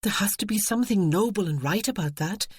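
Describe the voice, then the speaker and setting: A narrator voicing an earnest young Regency wife who gently questions her husband, read as an audiobook character on a close, dry mic. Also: mid-range voice, lively intonation, fairly quick, husky, dry recording, voice pushed up.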